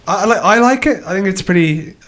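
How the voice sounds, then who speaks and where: A man's voice: high-pitched, lively intonation, quick pace, fairly bright tone. A young man co-hosting a podcast, laid back in casual chat, adding short remarks and asides. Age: young adult. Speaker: podcast co-host.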